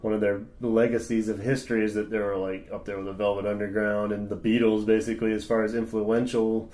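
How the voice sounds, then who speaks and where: A man's voice: fairly low pitch, flat delivery, brisk, darkish tone. A man in his forties co-hosting a podcast, talking loosely and enthusiastically, swearing casually. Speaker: podcast co-host. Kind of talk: casual chat.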